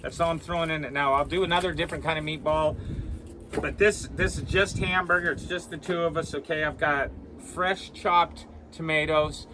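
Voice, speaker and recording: Male cooking vlog host, slightly high voice, loose and rambling, keeps checking in with "okay?". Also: steady tone, normal speed, noisy background. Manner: rambling, tags sentences with "okay?". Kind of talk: casual cooking demonstration. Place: aboard a small sailboat.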